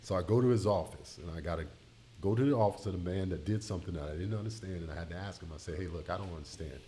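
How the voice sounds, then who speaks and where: Podcast guest, middle-aged man from Tampa Bay, lowish voice, animated storyteller, slight hiss behind. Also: rapid-fire. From Tampa Bay, Florida. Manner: animated, addresses listeners as y'all. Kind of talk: emotional storytelling in casual podcast chat.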